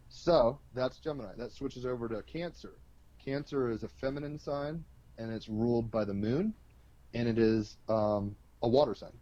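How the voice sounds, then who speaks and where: A man's voice: mid-range voice, moderate pace, darkish tone, lo-fi sound. A man explaining astrology as an interview guest, in a loose, colloquial way full of fillers and the odd swear word. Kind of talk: casual explanatory interview talk.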